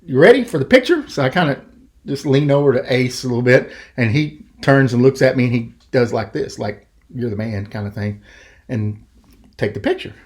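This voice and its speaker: Man, middle-aged, podcast host, casual storytelling, rambling, animated, mid-pitched. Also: normal speed. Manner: rambling, animated, acts out quoted voices.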